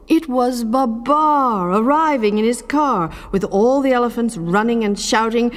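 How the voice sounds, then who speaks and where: A woman reads a children's storybook aloud, slow and expressive, with her pitch sitting in the middle of her range. A long reverb trails after her voice. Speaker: narrator. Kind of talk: storybook reading.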